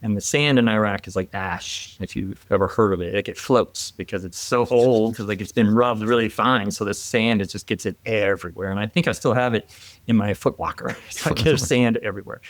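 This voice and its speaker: A middle-aged man, a former military helicopter pilot, telling a war story as a podcast guest in a casual, animated way, laughing and restarting often. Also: on the low side, brisk, no echo.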